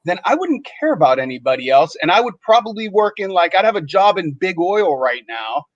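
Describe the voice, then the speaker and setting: Brief: chatty podcast host man, slightly higher voice, dry dull lo-fi sound, acts out everyone's lines. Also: brisk, dry recording. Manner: animated, acts out other people's lines in shifting voices. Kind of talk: casual storytelling chat.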